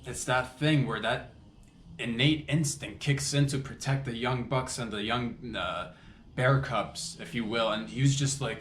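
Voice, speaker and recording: A man's voice: mid-range voice, normal speed, a little hiss or hum. Man telling a story in an echoey room. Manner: animated retelling with restarts and acted-out quotes. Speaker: comedy podcast host. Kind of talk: comedic storytelling.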